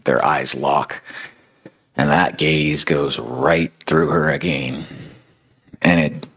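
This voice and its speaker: Male preacher, young, deep husky voice, slow conversational storytelling. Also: pushed and bright. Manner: conversational, many fillers like "you know". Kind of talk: storytelling sermon.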